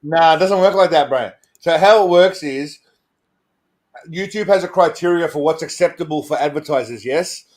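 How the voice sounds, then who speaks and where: An Australian man talking in a casual livestream chat, with a voice pitched somewhat high for a man. He rambles, trips over his words and laughs often as he explains things. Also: moderate pace, darkish tone. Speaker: co-host of a livestream show.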